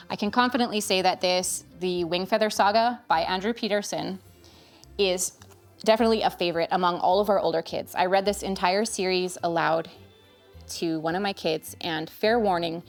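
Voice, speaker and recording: A woman in her thirties talking to camera as a parent, recommending gifts in an earnest, chatty way. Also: fairly low pitch. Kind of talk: casual review vlog. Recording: faint music behind.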